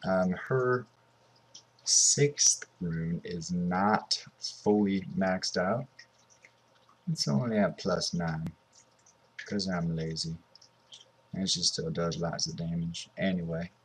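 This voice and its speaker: A man's voice: sits low, takes it slowly, long pauses, slightly rough. A man in his twenties from Southern California, giving casual, rambling commentary over a mobile game. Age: 20s. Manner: rambling and offhand.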